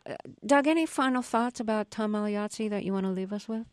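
A woman's voice: medium pitch, brisk, no room sound. A woman interviewer asking short, direct questions in a radio interview.

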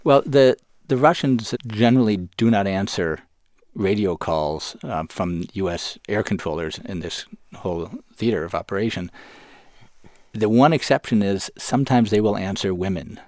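Low-voiced reporter guy explaining stuff in an interview, restarts a lot, dead dry sound. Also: moderate pace, a little mellow, dry recording. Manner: explanatory, with frequent self-corrections. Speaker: newspaper reporter. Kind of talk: radio interview answers.

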